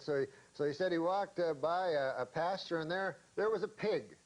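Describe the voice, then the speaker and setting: Deadpan rambling male storyteller. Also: fairly high pitch, moderate pace, hardly any pauses, poor audio. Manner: deadpan, meandering, full of hesitations and restarts. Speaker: comedian. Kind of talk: rambling comic storytelling in conversation.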